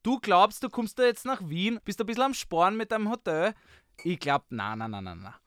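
A man voicing a rude, grumpy male complaints officer with a Viennese accent, loud and scolding. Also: high-pitched, big pitch swings, a little fast, clean tone, dry recording, studio quality.

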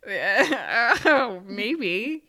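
Giggly woman, bright lively voice. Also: a little high, drawn-out words, dry recording, clean studio sound. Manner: giggly, laughs often, thinks aloud. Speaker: podcast co-host, quiz contestant. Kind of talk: casual chat.

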